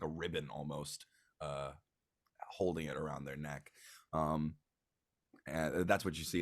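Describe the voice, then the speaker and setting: A man narrating a tabletop game as game master, in a relaxed, hesitant way full of fillers. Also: low voice, no room sound, studio quality.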